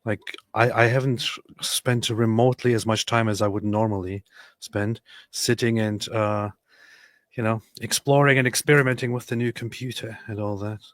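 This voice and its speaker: A man hosting a casual livestream, chatting loosely and reading viewer comments aloud in a relaxed, joking way. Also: lowish voice, moderate pace, no echo, studio quality. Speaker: host.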